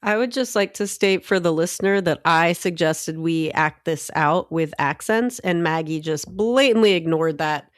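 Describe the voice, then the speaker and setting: Low-pitched woman, dry close sound. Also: normal speed, hardly any pauses, no room sound. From American South. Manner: playful, jokey. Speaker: podcast co-host. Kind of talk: casual chat.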